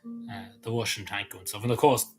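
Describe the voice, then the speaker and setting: A man's voice: lowish voice, fairly even intonation, fairly quick, darkish tone, soft background music, poor audio. Rambling Irish man vlogging. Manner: rambling, hesitant, many ums and restarts, casual swearing. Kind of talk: casual rambling commentary.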